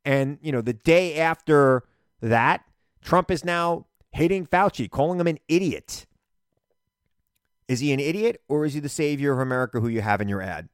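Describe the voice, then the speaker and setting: A middle-aged man giving an animated, emphatic political monologue as a radio and TV commentator. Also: a little high, moderate pace, clean tone, dry recording, clean studio sound.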